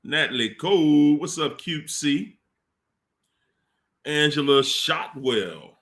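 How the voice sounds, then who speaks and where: A man hosting a casual livestream, slowly reading out names from the chat with warm laughs. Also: fairly high pitch. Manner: slow, drawn-out shout-outs with laughs. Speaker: livestream host.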